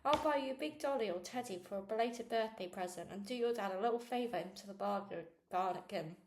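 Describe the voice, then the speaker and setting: A woman's voice: medium pitch, fairly quick, close to an everyday voice. A woman reading aloud, voicing a cheerful middle-aged male chip-van owner who talks in a chummy way and calls people sweetheart. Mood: jovial. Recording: echoey room.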